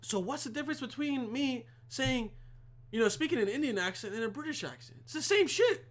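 A man's voice: very high voice, animated, fairly quick. A young man delivering a rambling, profane comedic rant to camera with heavy swearing. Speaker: vlogger.

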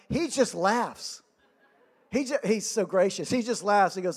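High-voiced, humorous preacher. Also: male voice, measured pace. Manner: energetic, humorous, self-deprecating. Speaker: pastor. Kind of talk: sermon.

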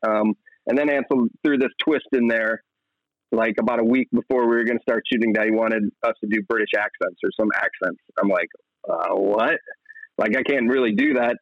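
A man's voice: mid-range voice, no room sound, dull audio. A young man, an actor, talking casually in an interview, rambling and laughing often. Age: young adult. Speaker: actor guest.

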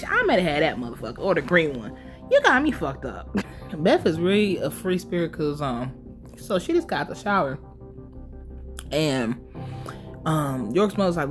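A woman giving a casual, profane recap of a show, animated and laughing as she acts out the characters' lines. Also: medium pitch, fairly quick, soft background music.

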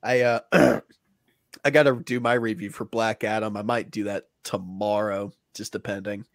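A man's voice: lowish voice, flat delivery, normal speed, no room sound, clean studio sound. Sniffly man telling crude stories. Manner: crude, laughing storyteller. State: stuffy from a cold. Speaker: podcast host. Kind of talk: casual podcast chat.

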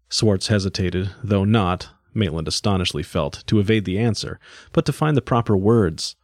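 Brief: male audiobook narrator, lowish voice, dry close recording. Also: moderate pace, a little mellow, no echo. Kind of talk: scripted narration.

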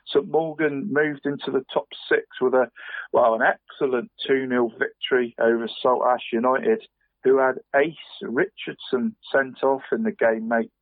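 A man's voice: medium pitch, no echo. A man runs through weekend football scores in a loose, chatty, rambling way. His voice comes through dry and tinny, like a phone line, in the middle of the male range. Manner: rambling and chatty, constantly adding "mate". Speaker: radio football results presenter. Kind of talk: casual radio sports round-up.

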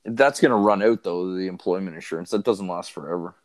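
A man's voice: sits low, a little fast. A man chatting casually as a podcast co-host, reacting in short, easygoing replies. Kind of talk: casual chat.

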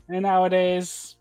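Brief: male podcast co-host, fairly high voice, animated storyteller who laughs a lot, light music under. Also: smooth. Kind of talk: casual chat.

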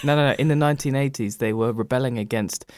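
A man's voice: medium pitch, fast, darkish tone, no echo, clean studio sound. A man in a casual podcast chat, eagerly recommending a film and repeating himself as he rambles. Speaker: podcast co-host.

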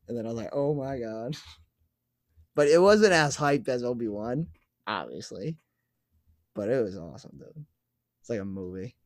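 Young male podcast co-host, excited storyteller, casual swearing, dry close sound. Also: medium pitch, normal speed, long pauses, no echo. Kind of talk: casual chat.

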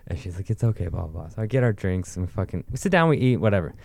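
A man's voice: sits low, sing-song, rapid-fire, creaky, darkish tone, dry recording. A young man telling a rambling, profane story in casual chat. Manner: profane, rambling, with frequent likes.

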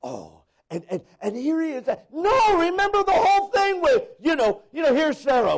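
A male pastor delivering a sermon, swinging between loud exclaiming and hushed asides as he acts out quoted voices. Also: extremely high pitch, wildly swooping pitch, moderate pace, few pauses.

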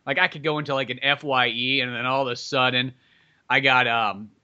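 Speaking fairly quickly, a young man co-hosting a podcast spins an animated story, imitating the people in it with high-pitched voices; the recording has its high frequencies cut off.

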